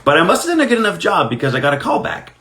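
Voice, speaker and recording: A man's voice: fairly high pitch, huge pitch swings, very fast, fairly bright tone. A man, an actor, chatting casually on a live stream while signing autographs, telling anecdotes in a self-deprecating way.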